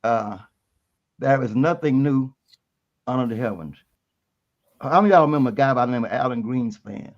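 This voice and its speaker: A man's voice: mid-range voice, lively intonation, normal speed, pauses often. Folksy man on a dull, lo-fi line. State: a little out of breath. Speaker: panel guest. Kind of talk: casual panel talk.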